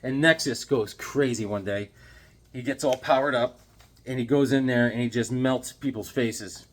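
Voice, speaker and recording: Man, mid-pitched voice, casual comic collector vlog, slang-heavy, laid-back. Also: moderate pace.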